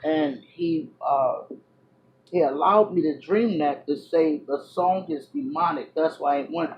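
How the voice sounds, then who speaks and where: A woman vlogger telling a personal story to her viewers, loud one moment and hushed the next, full of fillers and restarts. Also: low voice, unhurried, highs cut off, a little hiss or hum. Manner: animated, drifts between loud exclamations and hushed asides; chatty, many fillers and restarts.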